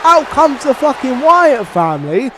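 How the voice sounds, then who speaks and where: A young man delivering a heated, profanity-filled rant as a wrestling video reviewer, breaking into shouts. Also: very high-pitched, very animated, measured pace, crowd noise, background noise. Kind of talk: angry ranting review.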